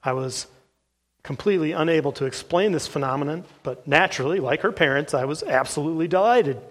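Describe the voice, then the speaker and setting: A pastor with a somewhat high voice and a slightly quick pace preaches by reading case accounts aloud from a book. His delivery stays earnest and even, broken by an occasional "uh."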